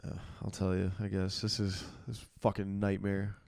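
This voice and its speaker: A man hosting a podcast in casual chat, relaxed and full of fillers, swearing freely, close to the mic. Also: deep voice, normal speed, creaky, no echo. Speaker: podcast host.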